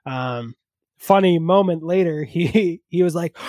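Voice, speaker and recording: Higher-voiced man, dry close sound. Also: measured pace, darkish tone, no echo. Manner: rambling, laughs often, self-deprecating. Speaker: podcast host. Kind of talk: casual movie review chat.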